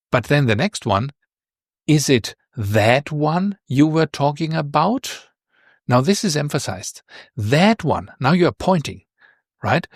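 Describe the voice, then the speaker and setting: A male language teacher giving a patient beginner lesson, explaining with examples, repeating each word slowly and often checking in with "right?". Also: medium pitch, slightly rough, dry recording, clean studio sound.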